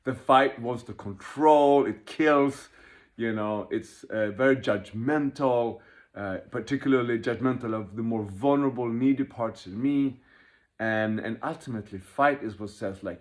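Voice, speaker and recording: A man leading a workshop, talking fast and animatedly, laughing at himself and acting out inner voices as he explains. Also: medium pitch. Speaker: workshop leader. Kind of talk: informal teaching talk.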